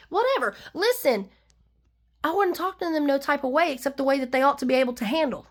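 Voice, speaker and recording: Brief: woman vlogger, high voice, heated and rambling personal rant. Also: fast, fairly bright tone. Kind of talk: ranting personal monologue.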